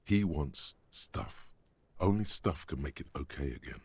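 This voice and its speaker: Game inner voice of logic, very deep, husky, dry measured delivery, dead-dry studio sound. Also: male voice, expressive, darkish tone, dry recording, exaggerated voice. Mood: coolly explaining. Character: detached inner voice of cold male logic.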